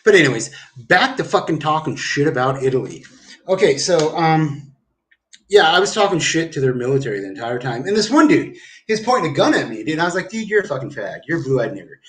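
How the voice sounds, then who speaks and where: A man's voice: a little high, big pitch swings, fairly quick, a bit bright. A man rambling through a profane, jumpy livestream monologue from home. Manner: rambling, profane, jumps around the story. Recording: echoey room.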